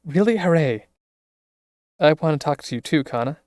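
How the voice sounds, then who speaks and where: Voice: medium pitch, animated, moderate pace, a little mellow, no echo, close to an everyday voice. A streamer voicing a cheerful, timid girl who talks about herself in the third person. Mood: eager.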